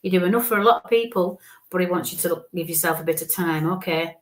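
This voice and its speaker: A woman giving a live psychic reading in a gentle, reassuring way, often checking in with "okay?". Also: lowish voice, fast. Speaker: psychic medium.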